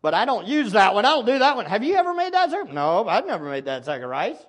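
Man doing mocking ancient priests, offhand, scoffing, lively swooping voice. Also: high-pitched, fast talker, voice pushed up, full character voice.

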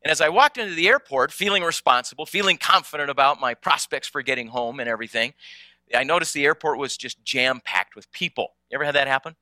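A man's voice: mid-range voice, fast, bright, forceful tone, dry recording. A man telling a personal story in a conversational way to an audience, often repeating small words as he goes. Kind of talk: storytelling talk.

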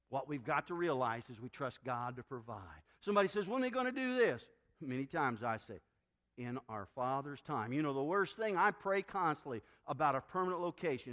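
Male pastor, fairly high voice, very lively pitch, sermon delivery that acts out voices. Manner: animated preaching, acts out quoted voices.

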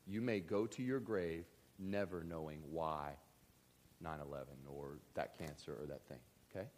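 A man preaching a sermon, speaking earnestly and directly to his congregation and building to emphatic, animated bursts. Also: a bass voice, normal speed, a little hiss or hum.

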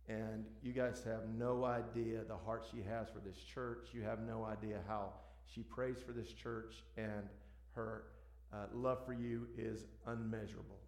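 Male pastor, gravelly tone, halting repeats, echoey sanctuary; for a sermon intro. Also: fairly low pitch. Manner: repeats words, warm halting delivery. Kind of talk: church sermon introduction and prayer. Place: church sanctuary.

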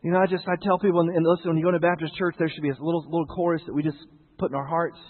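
A man's voice: on the high side, level tone, racing, long reverb tail, phone-quality sound. A male pastor preaching a sermon, telling stories with jokes for the congregation.

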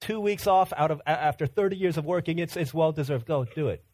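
A man's voice: fairly high pitch, fast, a little mellow. A man preaching a sermon as pastor, earnest, often repeating words as he builds a point.

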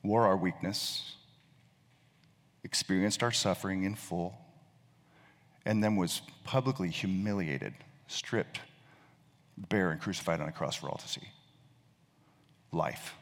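A man's voice: low-pitched, measured pace, pauses often. Male pastor telling a story in his sermon, repeats himself when thinking, voice rings round a big hall. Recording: long reverb of a large hall.

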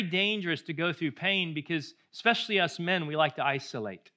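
Man, pastor, sermon, bright ringing tone, builds from quiet to loud and emphatic. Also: on the high side. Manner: builds from hushed, intimate passages to loud, slow, emphatic preaching.

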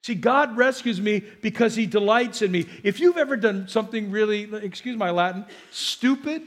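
A male pastor preaching a sermon to his congregation, animated, repeating phrases and coaxing the people to answer back. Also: high-pitched, moderate pace. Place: church.

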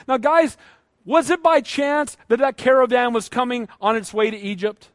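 High voiced guy preaching, acts out the bible voices, really dry sound. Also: steady tone, moderate pace, dry recording. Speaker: pastor. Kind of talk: sermon.

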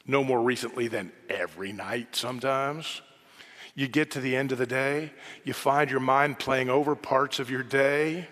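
A man preaching a sermon in a conversational way, moving between soft, quiet asides and emphatic quoted lines. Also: medium pitch, fairly even intonation, moderate pace. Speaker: pastor. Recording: reverberant hall.

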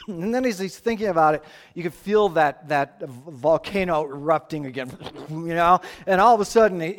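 A man preaches in a large hall, his voice carrying a long reverb. He tells stories in an animated way, swinging from loud, high bursts to hushed lows, with frequent restarts. His pitch sits on the higher side for a man. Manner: animated storytelling, rising and falling, repeated restarts. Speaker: pastor. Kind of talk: sermon with personal story.

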